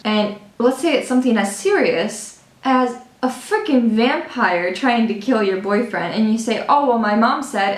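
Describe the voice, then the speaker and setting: A young woman vlogging a casual book review, chatty and animated, often restarting her sentences. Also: medium pitch. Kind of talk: casual book review while doing makeup. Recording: echoey room.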